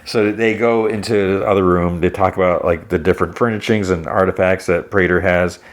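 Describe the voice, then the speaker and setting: A man hosting a podcast, recapping a TV episode in a rambling, excitable way. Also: sits low, a little fast. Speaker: podcast host.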